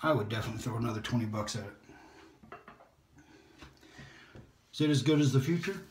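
Male shave-vlog host, laid-back rambling self-talk, mid pitch, echoey bathroom sound. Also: fairly quick, slight background noise. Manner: relaxed, rambling, self-talk while shaving. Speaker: shaving video host. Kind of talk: casual shaving vlog chat. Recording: echoey room.

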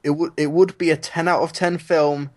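A man talking as a podcast guest in casual chat, starting hesitantly, then earnest and measured. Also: on the high side, little pitch movement.

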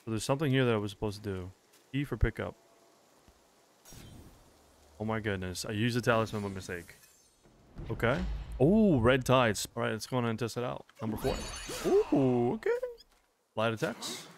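A young man casually commentating a game as he plays, excitable and swearing, with shouted reactions. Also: medium pitch, normal speed, long pauses, a little hiss or hum. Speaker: gaming streamer. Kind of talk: let's play commentary. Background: game music.

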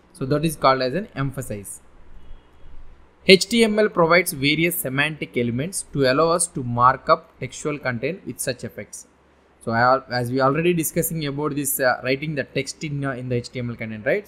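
A man's voice: mid-range voice, fairly bright tone. A man giving a coding tutorial, explaining in an informal, meandering way with frequent restarts and repetitions. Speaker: web development instructor. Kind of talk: coding tutorial, screen-share lesson.

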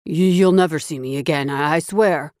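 A woman's voice: low-pitched, normal speed, darkish tone, no room sound, clean studio sound, natural voice. A woman voicing a frightened young male thief who stammers out frantic apologies. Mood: terrified.

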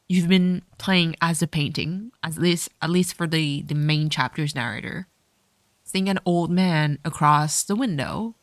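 A woman's voice: lowish voice, no echo. A woman streamer giving casual let's-play commentary, reading the game's text aloud and then getting tearful and swearing.

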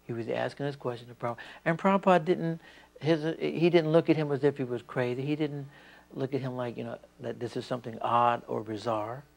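Man telling a story in an interview, gravelly, lively when he quotes. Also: medium pitch, a little fast. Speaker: disciple recalling his teacher. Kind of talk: reminiscing interview.

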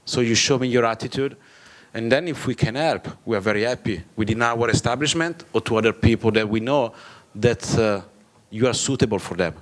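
A man's voice: mid-range voice, brisk. Blunt man giving advice. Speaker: bar owner in London. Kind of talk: casual panel talk.

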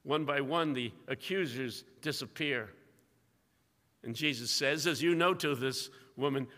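Older guy preaching in a chapel, bright punchy voice, lots of long echo. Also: a little slow. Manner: storytelling, dramatic swings in volume and pitch. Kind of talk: sermon. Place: university chapel. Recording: long hall reverb.

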